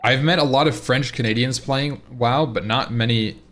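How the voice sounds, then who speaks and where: A man's voice: mid-range voice, moderate pace, a bit bright. A man streaming live, chatting casually and rambling with his viewers, often repeating and restarting his words.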